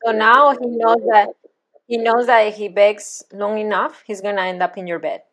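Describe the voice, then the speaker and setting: A woman parenting coach leading a one-on-one session in a gentle, guiding, reassuring manner. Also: medium pitch, flat delivery, moderate pace.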